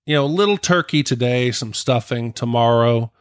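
A man co-hosting a podcast, chatting in a relaxed, rambling way. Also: mid-range voice, normal speed, smooth, dry recording, clean studio sound. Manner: relaxed, rambling talk with fillers. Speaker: podcast co-host. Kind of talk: casual podcast discussion.

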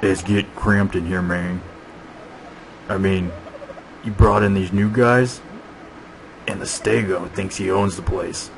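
A man's voice: sits low, fairly even intonation, slow, vocal fry, pauses often, a little hiss or hum, exaggerated voice, poor audio. A man putting on a grumbling tusked brute. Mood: grumbling menace. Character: huge tusked male beast, grumpy, menacing bully.

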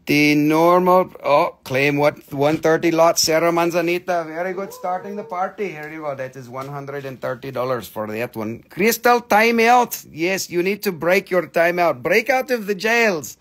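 A man selling crystals on a live stream, rattling off prices and teasing viewers in a playful, joking way that jumps from loud to mumbled. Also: fairly high pitch, lively intonation, moderate pace, few pauses. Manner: playful, joking, swings between loud teasing and quiet muttering. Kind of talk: live sales stream patter.

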